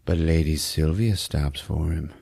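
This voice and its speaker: A man hosting a podcast who recaps a horror film in casual chat, telling it as an animated storyteller. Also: rumbling low, a little slow, gravelly, slightly rough, no echo, clean studio sound. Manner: animated storyteller, laughing often. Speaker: podcast host.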